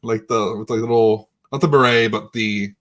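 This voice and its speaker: A man narrating as game master of a tabletop game, halting and searching for words. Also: on the low side, fairly even intonation, fairly bright tone. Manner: halting, full of fillers and restarts.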